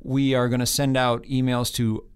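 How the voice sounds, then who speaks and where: A man's voice: medium pitch, flat delivery, normal speed, clean tone. Fifty-year-old man chatting on a podcast. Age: 50s. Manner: joking, chatty, laughs easily. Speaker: podcast host, editorial board member. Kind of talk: casual podcast chat.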